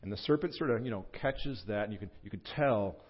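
A man's voice: expressive, fairly quick. Earnest male preacher, muffled recording. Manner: earnest teaching tone with frequent fillers and restarts; voices scripture quotes with sudden rises in pitch and loudness. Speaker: pastor. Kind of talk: sermon. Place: church.

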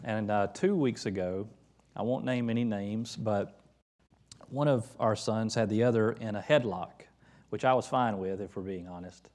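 A man's voice: on the low side, normal speed, darkish tone. Man preaching a conversational sermon. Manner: conversational storytelling, with scripture read aloud. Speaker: pastor.

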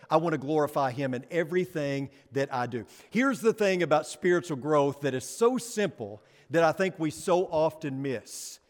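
A man preaching a sermon to a congregation, emphatic, pressing rhetorical questions and swinging between soft and loud. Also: on the high side. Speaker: pastor. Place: church sanctuary. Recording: long hall reverb.

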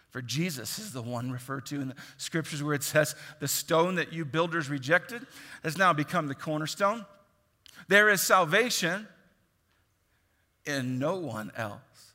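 Male pastor, higher-pitched and bright, animated sermon delivery, long reverb of a big hall. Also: measured pace, long pauses. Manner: animated, jokey, acts out quoted voices.

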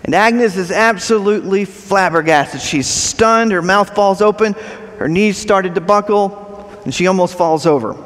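A male preacher telling a story in a sermon with animated, dramatic delivery. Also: sits high, measured pace, big-room sound.

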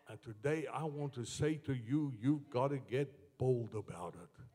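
A man preaching a sermon to his church, moving from slow, low passages up to shouted climaxes. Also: breathy edge, a faint crowd.

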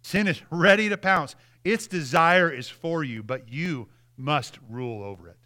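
A man's voice: a little high, a little slow, sharp tone. A male pastor giving a conversational sermon and acting out quotes as he preaches.

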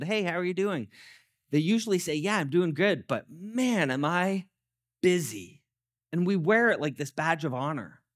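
Lively conversational pastor preaching. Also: male voice, on the high side, no echo, clean studio sound. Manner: conversational, self-deprecating storytelling. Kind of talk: sermon.

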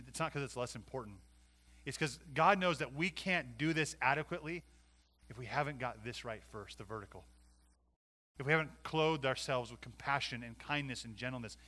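Guy preaching a sermon in church, bright clear voice, gets loud then drops low, asks the room questions. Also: brisk. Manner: emphatic, varies loudness for emphasis, rhetorical questions. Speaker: pastor.

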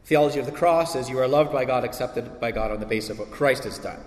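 A male pastor preaching a sermon, animated, acting out quoted voices with sarcasm. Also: mid-range voice, fast talker. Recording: echoey hall reverb.

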